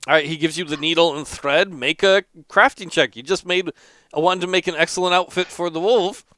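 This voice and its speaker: A man's voice: a little high, steady tone, brisk, fairly bright tone. A man narrating a tabletop roleplay game as game master in a casual, chatty way.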